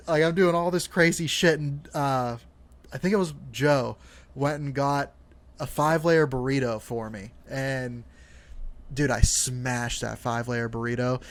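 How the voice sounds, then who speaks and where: A man's voice: mid-range voice, fairly even intonation, measured pace. A young man co-hosting a casual podcast, telling a rambling story full of "like" and cursing. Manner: rambling storyteller, swears freely, many fillers like "like". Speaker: podcast co-host.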